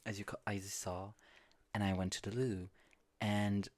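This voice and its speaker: A man's voice: lowish voice, little pitch movement, normal speed, a little mellow. A man hosting a podcast, telling a story casually and profanely, often laughing at himself. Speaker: podcast host. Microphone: phone.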